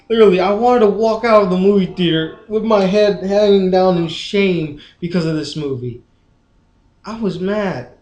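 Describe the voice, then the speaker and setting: Young guy venting about a movie, lotsa "like"s, kinda high voice, echoey room. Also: darkish tone. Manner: frustrated, ranting with many fillers. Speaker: vlogger. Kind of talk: movie review rant.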